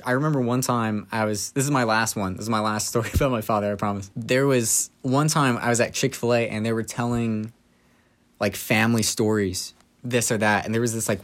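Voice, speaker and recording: A young man on a podcast, casually telling dark childhood stories with laughter and quoting people in put-on voices. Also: lowish voice. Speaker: podcast co-host. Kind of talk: casual storytelling chat.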